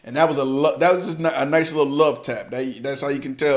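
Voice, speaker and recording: Male reaction host, mid-range voice, relaxed conversational breakdown that loops back on itself. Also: mid-range voice, brisk, few pauses. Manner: loose, repeats and restarts, explains each line. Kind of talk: casual reaction commentary.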